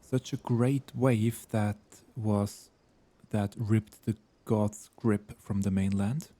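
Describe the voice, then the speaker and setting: A man reading game dialogue aloud, voicing a gentle male god in mortal form with a French accent and formal, archaic, courteous speech. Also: fairly low pitch, fairly even intonation, slow, dry recording. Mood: earnest.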